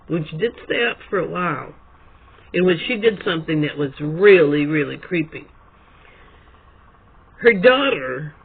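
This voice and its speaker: A man's voice: sits high, gravelly, breathy edge. A man telling a long, digressive story to his camera at home, chatty and prone to correcting himself. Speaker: video blogger. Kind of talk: rambling storytelling monologue. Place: room at home with a quilt behind him. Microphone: camera at his desk. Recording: tinny phone-like sound.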